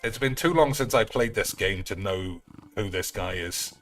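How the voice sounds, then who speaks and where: A man's voice: fairly low pitch, normal speed, a bit bright, soft background music. A man giving crude, joking commentary as he plays a game and talks to his viewers. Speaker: streamer. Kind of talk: casual gaming commentary.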